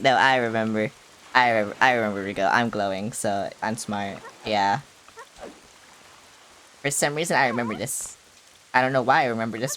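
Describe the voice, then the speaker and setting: Woman, low voice, gaming livestream, hyper, rambling, playfully profane. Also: a bit bright, slight background noise. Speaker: streamer. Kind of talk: casual gaming livestream chatter.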